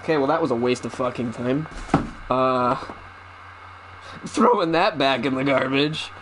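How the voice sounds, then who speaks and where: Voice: mid-range voice, measured pace, noisy background. A streamer chatting casually while opening a parcel, wry and self-mocking, with casual swearing. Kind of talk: casual unboxing chat.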